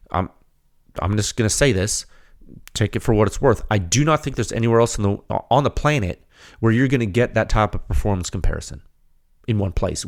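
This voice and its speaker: A podcast host who researches firearms silencers delivers an unscripted technical monologue directly to his audience in a lowish voice. He's slightly hoarse and losing his voice, yet emphatic and rhetorical.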